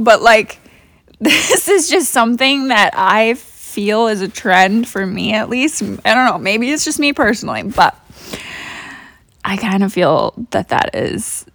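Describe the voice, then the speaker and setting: A woman's voice: fairly high pitch, a bit bright, dry recording, clean studio sound. A young woman hosting a podcast, telling stories in a chatty, profane way with lots of fillers. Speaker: podcast host. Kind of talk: casual storytelling.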